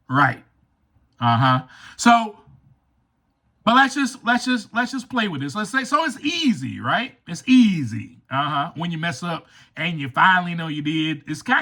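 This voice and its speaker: Animated, bright-voiced male podcast host. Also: high-pitched. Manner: animated, acts out quoted voices; preachy, emphatic repetition. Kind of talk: recovery podcast monologue.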